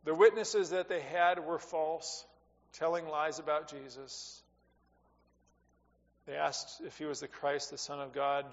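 A man giving a sermon as a pastor, talking conversationally, rising for emphasis and dropping to quiet asides. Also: on the high side, vocal fry. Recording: dull sound with long reverb in a hall.

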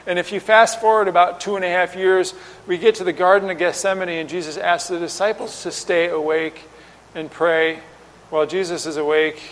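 A man preaching a sermon, explaining with lively rhetorical questions and acting out quoted lines. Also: high-pitched, moderate pace, in a large hall, low-quality recording. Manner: animated teaching, voices rhetorical questions and acts out quotes.

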